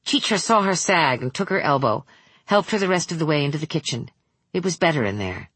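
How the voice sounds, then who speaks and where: A woman narrating a novel aloud in a measured, steady reading voice. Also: deep voice, slightly rough, no room sound. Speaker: audiobook narrator. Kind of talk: scripted narration.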